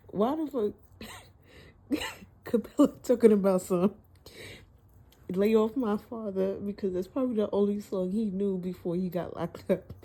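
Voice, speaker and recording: A woman's voice: medium pitch, warm tone. A woman giving a casual, candid book review, laughing often and cursing freely while talking into her phone.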